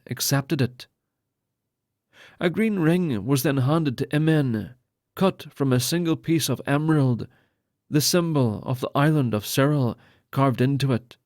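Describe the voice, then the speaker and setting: A man reads an epic fantasy novel aloud in a steady, measured way. His voice sits at a middling pitch, and the recording is dry, with no room sound. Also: no echo. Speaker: audiobook narrator. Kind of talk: scripted narration.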